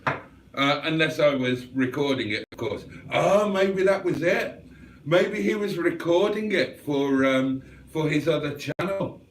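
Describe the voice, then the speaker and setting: A man's voice: on the high side, expressive, a little slow, far from the mic, slight background noise. A man from England hosting a casual livestream, reading the chat aloud with cheeky banter. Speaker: livestream host.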